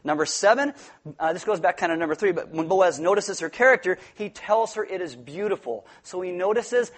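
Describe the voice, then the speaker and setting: A man preaching a sermon in a lively, joking way, acting out quoted voices as he goes. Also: high-pitched, brisk, husky. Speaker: pastor.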